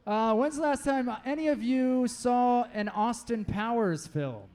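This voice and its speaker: A man's voice: very high voice, measured pace. A man hosting a live podcast show on a venue stage, firing off joking questions and laughing often. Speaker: podcast host. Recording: live show with loud crowd.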